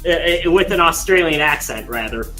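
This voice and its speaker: A woman chatting casually on a group podcast, animated and quick to joke. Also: deep voice, soft background music. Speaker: podcast co-host.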